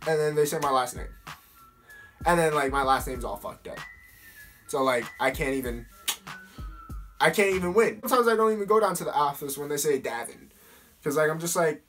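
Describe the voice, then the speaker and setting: A man's voice: a little high, normal speed, fairly bright tone, soft background music. A teenage boy answering fan questions in a casual vlog, talking bluntly with plenty of swearing and fillers.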